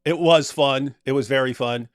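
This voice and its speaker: A man's voice: mid-range voice, normal speed, no room sound, studio quality. A man hosting a live stream, telling a story casually with frequent chuckles and restarts. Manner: rambling, chuckling, many restarts. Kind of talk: casual storytelling and reading comments.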